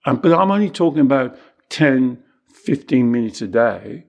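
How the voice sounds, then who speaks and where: A man teaching and coaching in a calm conversation, measured and reassuring, repeating phrases for emphasis. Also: medium pitch, vocal fry.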